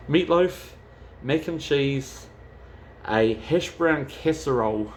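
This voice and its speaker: A man's voice: a little high, animated, slow pace, slight background noise. Rambling, sweary man. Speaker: travel vlogger. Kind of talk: casual chat.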